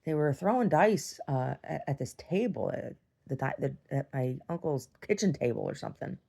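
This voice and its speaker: Young woman, deep gravelly voice, rambling casual vlog confession. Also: expressive, normal speed, warm tone. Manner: meandering, many restarts and "like"s, swears casually. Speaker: video diarist. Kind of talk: rambling personal video diary.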